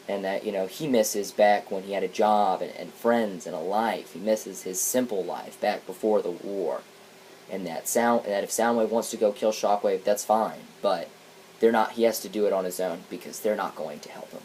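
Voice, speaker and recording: A man's voice: lowish voice, normal speed, a little mellow, slight background noise, poor audio. A man giving a casual spoken comic review, rambling and hesitant, often restarting his sentences.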